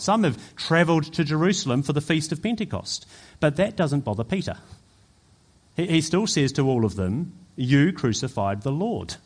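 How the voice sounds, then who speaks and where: A man preaching a sermon as pastor, emphatic and building to forceful peaks. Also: fairly high pitch.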